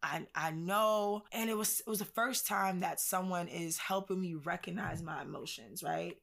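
A woman's voice: on the low side, normal speed, gravelly. A woman co-hosting a podcast, telling a personal story in a casual, reflective way with slang and plenty of fillers. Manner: reflective, conversational, uses slang and many fillers. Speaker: podcast co-host.

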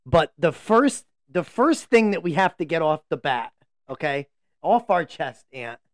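A man co-hosting a relaxed home podcast, ribbing the others and laughing often. His voice swoops up and down with plenty of life, and he sits close on the mic in a dry, dead little room. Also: on the high side, measured pace, no room sound. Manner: teasing, animated, laughs often. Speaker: podcast co-host. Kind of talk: casual podcast banter. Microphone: close table mic, leaning in.

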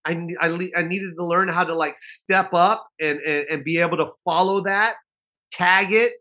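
A man's voice: high-pitched, fairly even intonation, normal speed, bright, forceful tone. A man in his forties, a stand-up comedian, telling a long story in a casual interview, acting out the voices of other people, swearing and laughing often.

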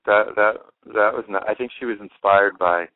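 A man co-hosts a call-in show in casual chat. He sounds laid-back and wry, with a very low voice. The sound is dry and narrow, like a phone. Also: moderate pace, no echo. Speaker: radio co-host, musician.

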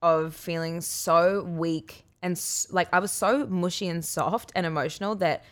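A woman's voice: lowish voice, fairly even intonation, a little slow. A young woman co-hosting a podcast, talking candidly and animatedly in casual chat, often mocking herself. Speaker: podcast co-host.

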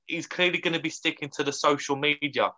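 Bright-voiced excitable male co-host. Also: fairly high pitch, brisk, poor audio. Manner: enthusiastic, excitable. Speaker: podcast co-host. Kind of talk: casual podcast chat.

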